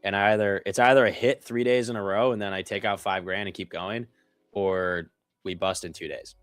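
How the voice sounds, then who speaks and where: Lively low-voiced man, dry close mic. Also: fairly quick, clear, resonant tone, no echo, faint music behind. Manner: excitable, slangy, jokey. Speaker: co-host trading live. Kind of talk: casual trading chat.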